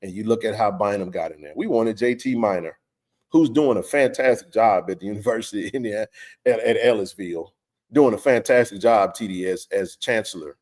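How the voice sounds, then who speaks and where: A man's voice: on the low side, brisk, a little mellow. A middle-aged man hosting a live sports stream, talking with passionate, blunt, emphatic energy and plenty of slang.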